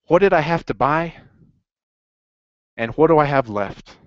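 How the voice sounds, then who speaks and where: A man teaching an accounting class in a lively classroom lecture, quizzing students as he goes. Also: on the high side, unhurried, no room sound. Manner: upbeat, asks the class questions. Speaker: accounting instructor. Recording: dry, dull lo-fi classroom recording.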